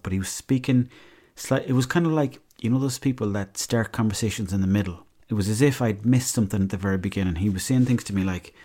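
A man's voice: lowish voice, dark tone. A man with an Irish accent, hosting a podcast as a rambling comic monologue, full of swearing and asides. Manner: rambling, profane storytelling. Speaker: podcast host.

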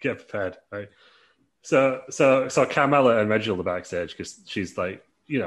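A man's voice: fairly low pitch, normal speed, a bit bright. A man hosting a casual podcast chat, rambling and laughing through a made-up storyline with many fillers. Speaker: podcast host.

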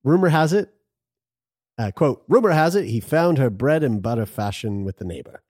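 A man's voice: mid-range voice, moderate pace, breathy edge, no echo, clean studio sound. A man co-hosting a casual podcast, reading items aloud in a crude, joking manner. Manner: animated, crude, laughs while reading. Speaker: podcast co-host.

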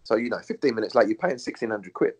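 A man tells stories in relaxed chat. He laughs often and swears freely, dropping into lively anecdotes. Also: fairly low pitch, fast talker, slightly rough. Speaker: former footballer guest. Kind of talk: casual chat.

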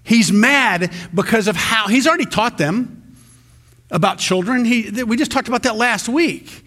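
A male pastor preaching a sermon in a conversational, animated way, often restarting his sentences. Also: very high-pitched, normal speed.

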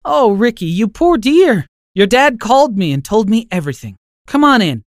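A man voicing a gentle old grandma. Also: high-pitched, big pitch swings, moderate pace, dry recording, studio quality, pitched above the performer's own voice. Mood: kindly. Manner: soft, kindly, reassuring. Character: elderly grandmother, gentle and forgiving.

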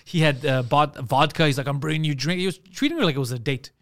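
A man, a comedian guest on a podcast, telling an animated, profane story and acting out the quoted lines. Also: a little high, quick pace, dry recording, clean studio sound.

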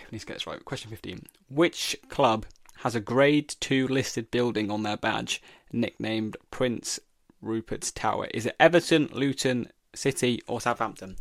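A man's voice: lowish voice, a bit bright, no room sound. Young man thinking aloud on a quiz. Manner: thinks aloud, reading questions and guessing. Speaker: podcast host. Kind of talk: solo football quiz podcast.

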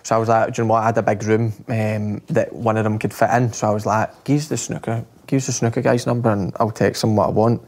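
A man telling a casual anecdote in an animated, laughing way. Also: on the low side, fast talker, few pauses. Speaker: guest telling a story.

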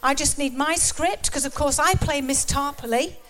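A woman's voice: high voice, normal speed, fairly bright tone. A woman hosting a live stage show, chatty, bubbly and bossy as she organises volunteers. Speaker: show host. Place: live venue in front of an audience.

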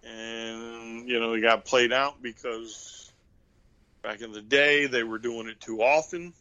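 Guy talking wrestling, bright voice, dead dry room, sure of his takes. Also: mid-range voice, steady tone, unhurried, clean tone, no echo, dull audio. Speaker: wrestling podcast co-host. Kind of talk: casual chat.

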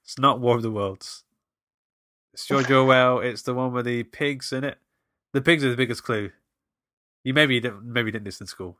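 A man's voice: mid-range voice, moderate pace, long pauses, pushed and bright, no echo, studio quality. A man co-hosting a casual podcast, running a playful movie-quote quiz and laughing often. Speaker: podcast co-host. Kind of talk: casual chat, quiz game.

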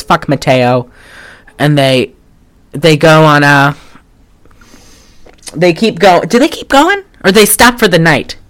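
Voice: mid-range voice, fairly bright tone. A podcast co-host recapping a film in casual chat, rambling with lots of "like" and wry, sarcastic asides. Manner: trails off and restarts often.

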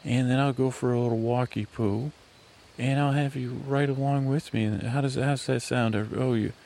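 A man hosting a sleep podcast in a soft whisper, rambling and interrupting himself while out on a night walk. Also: mid-range voice, steady tone, moderate pace, vocal fry. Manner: whispering, meandering and self-interrupting. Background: crickets chirping.

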